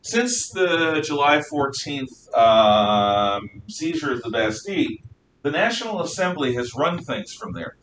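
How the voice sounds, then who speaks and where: Male history teacher, lively storyteller, bright edge, picked up from across the room. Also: medium pitch, unhurried. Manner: animated storytelling, frequent throat clearing. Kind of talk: classroom lecture. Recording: distant mic with faint noise.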